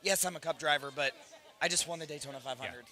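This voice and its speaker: Hoarse young male race winner, slightly high, bright, emotional and excited. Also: quick pace, a faint crowd. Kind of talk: casual chat.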